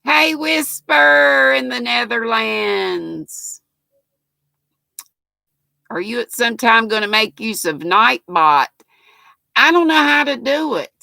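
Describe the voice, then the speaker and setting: Reading out viewer comments on her livestream, an older woman with a North Carolina accent keeps the chat folksy and casual. Her higher voice is animated, bright and forceful with vocal fry, and she speaks slowly with frequent pauses and no echo.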